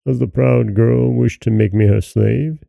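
A man voicing a proud, quick-tempered old king, speaking sternly and with wrath. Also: mid-range voice, fairly even intonation, vocal fry, dark tone, dry recording. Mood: angry.

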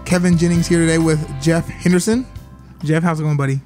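A man's voice: a little high, steady tone, brisk, music in the background. A man hosting a casual podcast interview, joking and often restarting his sentences. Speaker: podcast host.

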